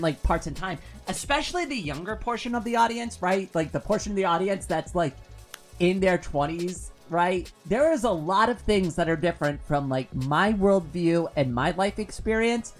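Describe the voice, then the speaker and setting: A woman in her forties chatting casually on a live stream, rambling with lots of fillers and laughing often. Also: on the low side. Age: 40s. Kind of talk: casual chat reading viewer comments.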